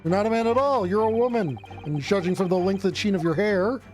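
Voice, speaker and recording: Teatralny, triumfujący detektyw z gry wideo, czytany na głos przez mężczyznę, mówi uroczyście, wysokim głosem, z cichą muzyką w tle. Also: male voice, high-pitched, a little fast, darkish tone, soft background music, close to an everyday voice. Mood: triumphant. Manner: grandiose, formal read-aloud delivery. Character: brilliant, theatrical male detective.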